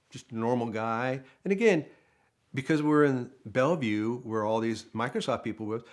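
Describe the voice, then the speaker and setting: An older man, a former car dealership manager, telling a story casually and acting out the dialogue as he goes. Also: medium pitch. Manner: animated storytelling, acts out quoted dialogue. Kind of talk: casual anecdote.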